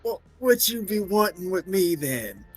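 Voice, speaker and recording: Man doing a rambling, slangy old codger for a game read-through, voice pushed a touch higher. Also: big pitch swings, measured pace, breathy edge, faint music behind, exaggerated voice. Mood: nostalgic. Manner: drops into folksy slang, "me" for "my". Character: chatty elderly working-class city man.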